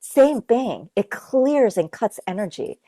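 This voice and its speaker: A woman's voice: a little high, very animated, slow pace, mellow, no echo. A woman from Japan, a guest in a casual spiritual conversation, talking earnestly and loosely with many fillers. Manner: earnest, loose, full of "like" and "you know". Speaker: interview guest.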